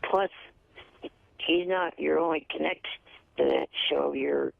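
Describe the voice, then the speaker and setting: A man as a radio guest, giving curt, defensive answers in a gravelly voice. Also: fairly high pitch, slow pace, phone-quality sound. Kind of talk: radio interview.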